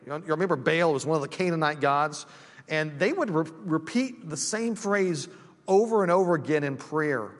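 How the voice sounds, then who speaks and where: A man's voice: on the high side, moderate pace, long reverb tail. A male pastor preaching a conversational sermon, with frequent restarts and friendly asides. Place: church sanctuary.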